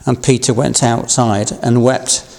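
A man from Yorkshire preaching an Easter sermon, reading scripture and talking in a measured, conversational way with asides. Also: medium pitch, little pitch movement, gravelly, a little mellow. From Yorkshire, England. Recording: long reverb of a large hall.

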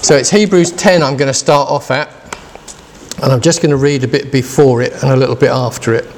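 A man's voice: medium pitch, brisk, a little mellow, slight background noise. Man chatting through a casual sermon. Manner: chatty, asks the congregation questions. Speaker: preacher.

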